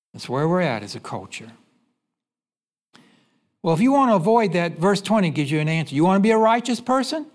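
A man preaching a sermon, telling stories and asking the congregation questions, then dropping low to give the answers. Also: darkish tone. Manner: preaching with call-and-response questions and sudden drops to a low voice. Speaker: pastor.

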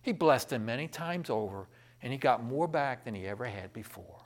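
A man preaching a sermon, swinging between loud, impassioned proclamation and quiet storytelling. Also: medium pitch, animated, normal speed.

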